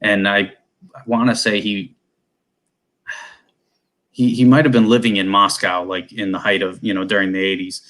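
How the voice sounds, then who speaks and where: A man's voice: on the low side, little pitch movement, moderate pace, pauses often, fairly bright tone. A man from Cleveland, a guest competition shooter, chatting in a loose, rambling, conversational way over a video call. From Cleveland, USA. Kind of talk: casual conversation.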